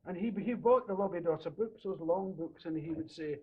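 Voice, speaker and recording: A Glaswegian man reminiscing casually in an interview, telling animated stories and laughing often. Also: a little high, a little fast, slight background noise. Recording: dull lo-fi radio recording.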